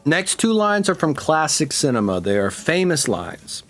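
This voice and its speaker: A man's voice: fairly high pitch, sing-song, normal speed, a bit bright, faint music behind. A man hosting a casual interview, enthusiastic and slangy, laughing along with his guest. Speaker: interview host.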